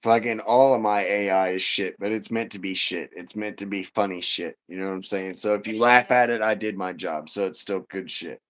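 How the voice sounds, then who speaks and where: A man's voice: on the low side, fairly even intonation, fairly quick, few pauses, fairly bright tone. A man hosting a casual livestream, joking crudely and reading chat comments aloud. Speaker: livestream host. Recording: dull lo-fi stream audio.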